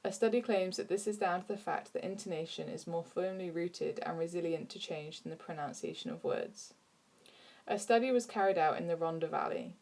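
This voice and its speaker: Low-voiced woman narrating a lesson. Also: creaky, darkish tone. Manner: measured, informative. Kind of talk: scripted narration.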